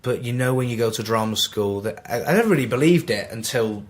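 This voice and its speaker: A man's voice: mid-range voice, fairly quick. Mancunian young man telling stories. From Manchester, England. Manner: animated, acts out quoted dialogue. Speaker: podcast guest, actor. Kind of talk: casual anecdotal storytelling.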